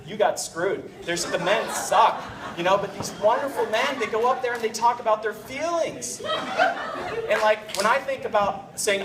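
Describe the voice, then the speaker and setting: A man's voice: high-pitched, moderate pace, a bit bright. A man giving a rambling, joking wedding toast as the bride's uncle, heard from a distant microphone in a reception room. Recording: roomy and distant with clear room noise.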